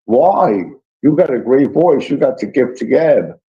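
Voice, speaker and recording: A man hosting a live stream, telling a rambling, profane story with excitable asides while drowsy and yawning. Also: medium pitch, measured pace, muffled recording. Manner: profane, excitable, tangent-prone. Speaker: livestream host.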